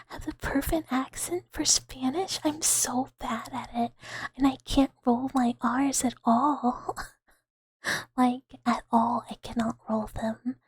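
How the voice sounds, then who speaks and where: Giggly young woman doing whispered asmr stream chat, super slow and breathy, dry close mic. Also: high-pitched, no echo. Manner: giggly, laughs often at herself.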